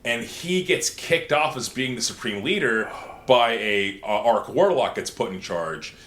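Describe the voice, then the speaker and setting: A man hosting a casual lore discussion podcast, telling stories in an animated way and slipping into quick character voices. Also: mid-range voice. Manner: animated storytelling, acting out characters in quick asides. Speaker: podcast host. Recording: roomy echo.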